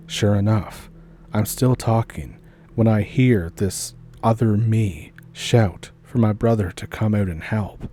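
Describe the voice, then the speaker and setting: A man narrating a first-person horror story as the channel host, in a steady, deliberate way. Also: on the low side, slight background noise.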